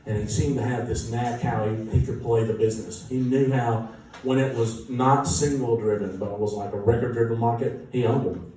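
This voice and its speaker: Animated man telling stories in an echoey room. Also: mid-range voice, brisk, few pauses. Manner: animated, self-mocking, laughs often. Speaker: band musician telling a story. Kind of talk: casual anecdote storytelling. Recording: echoey room, distant mic, noisy.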